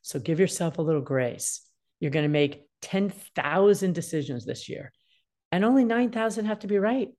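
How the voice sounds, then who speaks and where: As a casual guest, a woman in her sixties talks about parenting and expressively imitates children's voices to show how they feel. She has a fairly low pitch and speaks at a moderate pace.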